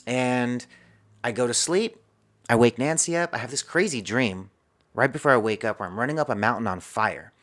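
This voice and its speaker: Man, podcast guest, animated storytelling, acts out inner dialogue, mid-range voice. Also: medium pitch, moderate pace. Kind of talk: personal storytelling.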